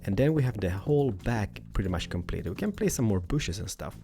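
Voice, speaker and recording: A playful young man talks through a building tutorial in a low, gravelly voice that swings widely up and down. He rambles, breaks into loud exclamations, and sounds like he is losing his voice, with clear music playing behind him. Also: very animated, a little fast. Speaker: host. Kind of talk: casual building tutorial commentary. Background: background music.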